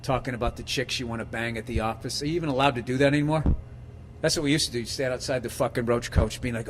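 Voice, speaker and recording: A man's voice: medium pitch, fast, slight background noise. A middle-aged man rambling through a casual, profane monologue, acting out other people's lines as he tells stories. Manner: profane, rambling, animated storytelling with acted-out quotes.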